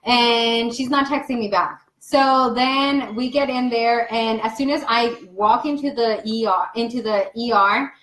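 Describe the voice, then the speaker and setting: A young woman telling a story in casual chat, animated and laughing as she acts out what people said. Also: a little high, unhurried, few pauses. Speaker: co-host. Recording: echoey room.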